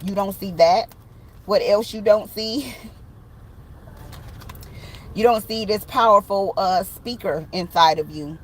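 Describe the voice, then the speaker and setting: An animated woman reads tarot in a casual, slangy way. Her speech is loose and full of swearing. Faint noise hums behind her voice. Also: mid-range voice, takes it slowly, pauses often, rough recording. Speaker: tarot reader.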